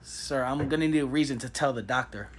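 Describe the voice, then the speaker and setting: A woman's voice: rumbling low, a little fast, slight background noise. A woman voicing a polite, formal clinic receptionist.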